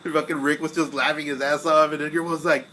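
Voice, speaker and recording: Profane, storytelling man with a bright voice. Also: fairly high pitch, little pitch movement, brisk, slight background noise, low-quality recording. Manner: profane storyteller, acts out his own angry shouting. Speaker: podcast co-host. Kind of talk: casual chat over beers.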